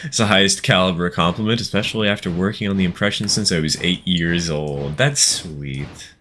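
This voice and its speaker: A man's voice: low-pitched, brisk, pushed and bright, a little hiss or hum. A man from the American South chatting casually with his stream viewers in a jokey way, often breaking into laughter.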